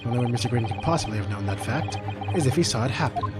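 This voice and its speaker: A man reading a cold, arrogant prosecutor from a courtroom game in a measured, formal way. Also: medium pitch, animated, natural voice. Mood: cold, assured. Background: game music.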